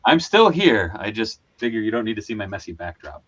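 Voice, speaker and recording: A man's voice: on the low side, big pitch swings, brisk, fairly bright tone, slightly rough, muffled recording. A man hosting a live stream in casual chat, laid-back and joking, swearing now and then, over a video call. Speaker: host.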